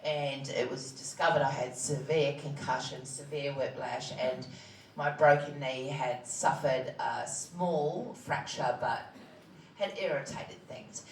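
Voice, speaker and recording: Woman, low voice, plain-spoken personal testimony, roomy echo. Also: steady tone, distant mic, slight background noise. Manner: candid, plain-spoken, halting with fillers. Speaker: charity founder telling her story. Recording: echoey room, voice from off-mic.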